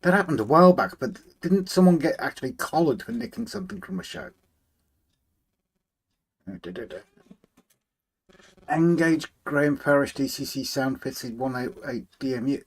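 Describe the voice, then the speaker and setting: A man hosting a relaxed live stream, chatting, greeting viewers by name and humming to himself as he works on a model railway. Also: fairly high pitch, normal speed, gravelly, long pauses, slightly rough. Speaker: livestream host. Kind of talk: casual live chat, reading out viewer comments.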